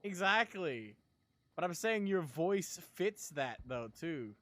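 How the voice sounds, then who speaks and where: A young man rambles through a casual live stream, excitable and quick to laugh. He sounds sleepy, and his voice sits a little high for a man. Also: dry recording.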